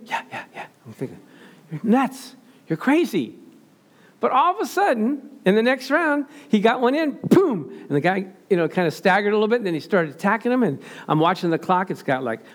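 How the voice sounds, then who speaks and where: An older man preaching a sermon in a conversational way, telling everyday stories and acting out what people said. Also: high-pitched. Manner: conversational storytelling, acts out quotes.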